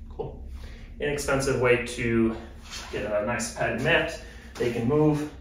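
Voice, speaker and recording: A man giving a relaxed, upbeat how-to demonstration while handling gear in his home gym. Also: mid-range voice. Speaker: fitness vlogger. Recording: very echoey room, distant mic, faint noise.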